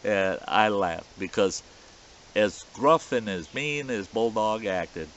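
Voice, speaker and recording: A man's voice: on the low side, slow pace. A man telling a folksy story outdoors at a campfire in the woods, in a dull lo-fi recording. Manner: folksy, animated yarn-spinning. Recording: dull lo-fi recording with faint hiss.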